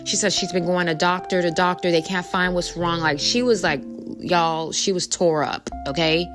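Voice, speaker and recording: A woman's voice: on the low side, fairly even intonation, moderate pace, over music. A woman talking casually to her viewers, telling a story in a chatty, rambling way with lots of fillers. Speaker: spiritual coach.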